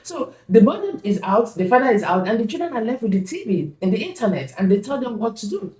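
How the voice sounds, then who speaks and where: A woman's voice: fairly high pitch, fast. A woman from Nigeria, a mother, telling stories emphatically in a casual panel chat. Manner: animated storytelling, emphatic. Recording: echoey room.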